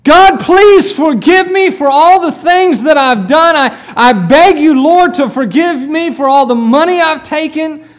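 A man's voice: extremely high pitch, measured pace, pitched above the performer's own voice. A man voicing a broken, weeping male mayor who pleads with God for forgiveness. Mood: pleading anguish. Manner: pleading, sobbing, rising to shouts.

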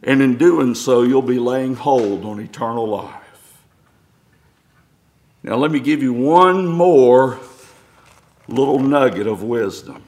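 A man's voice: mid-range voice, slow pace, long pauses, darkish tone. A middle-aged male pastor preaching a sermon, reading scripture aloud and building to emphatic points.

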